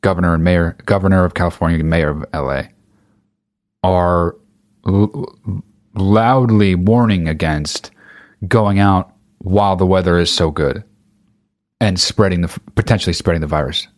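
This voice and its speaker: In clean, echo-free studio sound, a low-voiced man at normal speed launches into an exasperated comedic rant. He swears constantly and speeds up as his anger builds.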